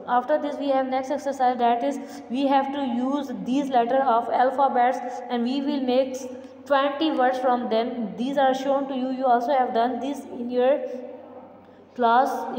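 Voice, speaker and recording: Woman teacher, measured and repetitive, recorded in a roomy, echoing space. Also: high-pitched, a little mellow. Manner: slow, deliberate, repeats answers word by word. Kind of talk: online revision lesson. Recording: echoey room, faint background hum.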